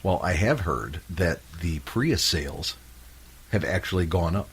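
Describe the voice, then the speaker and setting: A man's voice: low voice, animated, unhurried, breathy edge. A man hosting a podcast, joking and narrating comic bits in casual chat. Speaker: podcast host.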